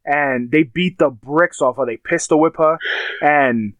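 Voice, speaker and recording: A man chatting casually, retelling TV scenes with animated, crude language. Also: a little high, a little slow, dry recording, muffled recording. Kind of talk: casual chat.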